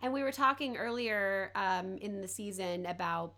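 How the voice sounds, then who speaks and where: A woman's voice: mid-range voice, moderate pace. A woman co-hosting a podcast in casual chat, speaking with a slight lisp. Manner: relaxed, musical, talks of singing. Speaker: podcast co-host.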